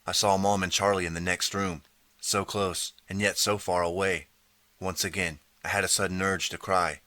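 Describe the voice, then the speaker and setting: A man narrating a children's audiobook in the first person, steady storytelling. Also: low voice, normal speed, no echo.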